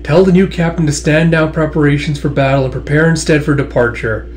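A man's voice: on the high side, steady tone, a little fast, slight background noise, close to an everyday voice. Man doing a cold commanding baroness. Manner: curt, authoritative.

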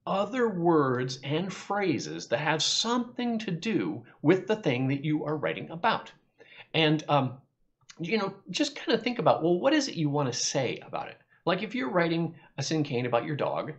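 Upbeat middle-aged guy teaching kids poems, bouncy voice, kinda dull lo-fi sound. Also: fairly high pitch. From United States. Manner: friendly, enthusiastic, with fillers and restarts. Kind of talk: explanatory lesson to children. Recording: slightly dull lo-fi audio.

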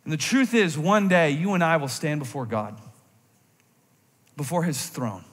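A man preaching a sermon in a church, animated, moving between intense emphasis and quiet reflective moments. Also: on the high side, measured pace, breathy edge. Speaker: pastor. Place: church sanctuary. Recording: long hall reverb from a church sanctuary.

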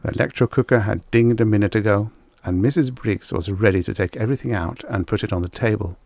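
A man narrating a vintage science fiction story in an expressive, theatrical way, with a slightly croaky voice. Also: on the low side, fast talker, no echo, studio quality. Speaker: audiobook narrator. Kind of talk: scripted narration.

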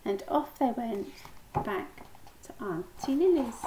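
A woman slowly reading a children's picture book aloud, gently voicing the characters. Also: on the high side, expressive, roomy sound, background noise. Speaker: storybook reader.

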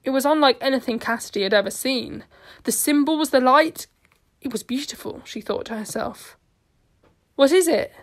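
A woman narrating a fan-made audio story in a steady, earnest reading. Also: high voice, fairly quick.

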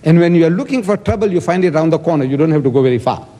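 A man's voice: a little high, expressive, very fast, mellow, in a large hall, a little hiss or hum. A man giving an emphatic debate speech, quoting scripture and asking rhetorical questions.

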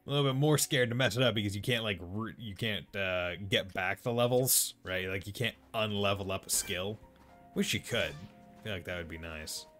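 A man's voice: fairly low pitch, normal speed, a bit bright. A man with a Boston accent streaming a video game, chatting casually and rambling with lots of fillers. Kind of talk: casual let's-play chat. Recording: faint game music behind.

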